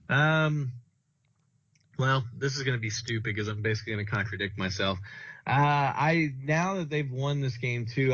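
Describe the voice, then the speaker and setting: A man's voice: medium pitch, a bit bright, no room sound. A young man talks casually with a friend, rambling through stories and slipping in swear words. His voice sits mid-range for a man. The recording is dull and lo-fi. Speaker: podcast co-host. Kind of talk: casual chat. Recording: dull lo-fi sound.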